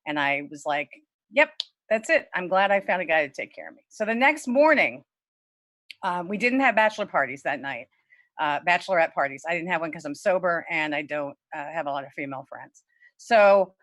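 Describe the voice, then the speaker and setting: A middle-aged woman from Louisiana telling a true personal story at a story slam over a video call, candid and swearing freely, her voice leaping high when she quotes herself. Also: a bit bright, no room sound. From Lafayette, Louisiana. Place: home, virtual event.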